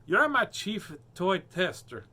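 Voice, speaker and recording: A man's voice: sits high, sing-song, bright, forceful tone, pitched above the performer's own voice, exaggerated voice. A man doing a funny-accented toy-maker uncle. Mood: proud. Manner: funny put-on accent, slow and grand.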